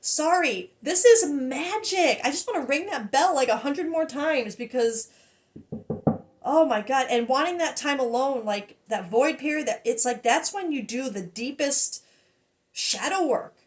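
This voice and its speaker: Woman tarot reader with a high voice, talking casually to camera; excitable, gushing, breaks into laughs and half-finished phrases. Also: measured pace. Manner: excitable and emotional, laughing, trailing off into fragments.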